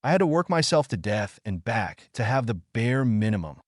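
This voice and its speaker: A man's voice: medium pitch, big pitch swings, moderate pace, dry recording, clean studio sound, lightly acted. A man voicing a brash, crude young man who taunts and curses. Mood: furious.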